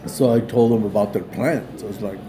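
A man's voice: lowish voice, a little fast. A man casually retelling a story in a loose, rambling way, peppered with "man" and "like". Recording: busy crowd chatter behind.

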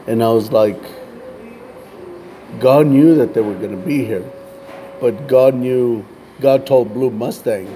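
A man telling a religious testimony as a story, halting and often repeating words as he goes. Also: mid-range voice, noisy background. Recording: music playing behind voice.

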